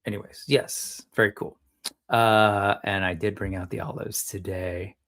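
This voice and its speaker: A middle-aged man hosting a casual live stream from a room indoors, rambling with lots of fillers and joking shout-outs to his chat. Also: on the low side, steady tone, measured pace.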